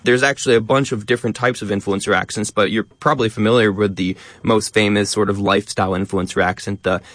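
A man talking quickly as a guest in a radio interview, stressing many of his words. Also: on the low side, fairly even intonation, fairly bright tone, dry recording. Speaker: guest, educational content creator.

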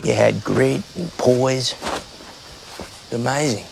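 An actor with an Australian accent playing a man who gives measured praise in a film clip. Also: medium pitch, vocal fry, darkish tone, a little hiss or hum, rough recording. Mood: approving.

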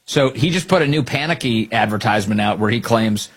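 A man's voice: lowish voice, a little fast, few pauses, breathy edge. A middle-aged man hosting opinionated political commentary, sarcastic and mocking, laughing often.

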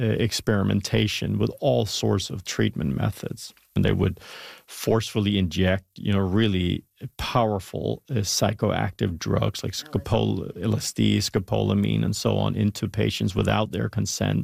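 A man's voice: on the low side, level tone, moderate pace, gravelly, darkish tone, no echo, clean studio sound. A man who is a scientist, giving an interview and explaining his research emphatically with asides. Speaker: scientist guest. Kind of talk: interview talk.

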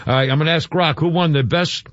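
A man hosting a casual radio show, chatty and quick to laugh, thinking aloud as he talks. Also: a little high, fairly bright tone, no echo, lo-fi sound. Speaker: radio host.

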